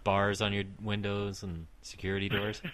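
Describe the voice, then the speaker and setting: Deep-voiced talkative guy. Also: completely flat delivery, moderate pace, a bit bright, slight background noise. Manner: chatty, explains at length. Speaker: friend in group chat. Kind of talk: casual chat.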